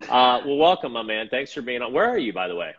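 Man, podcast host, rambling, upbeat, husky, lo-fi audio. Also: medium pitch, very animated, fast talker, fairly bright tone. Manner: rambling, upbeat, self-deprecating. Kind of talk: casual interview chat.

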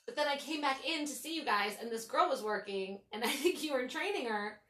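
A woman in her thirties hosting a podcast, telling stories in a casual, animated way, swearing freely and saying "like" a lot. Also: sits high, fairly quick. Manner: animated, swearing, full of "like" fillers. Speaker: podcast host. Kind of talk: casual storytelling chat. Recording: roomy echo.

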